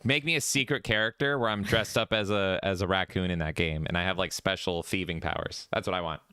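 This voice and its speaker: Canadian man, young adult, bright lively voice, playful crude banter, dry close sound. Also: deep voice, fairly quick, smooth, no room sound. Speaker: podcast co-host. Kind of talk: casual chat.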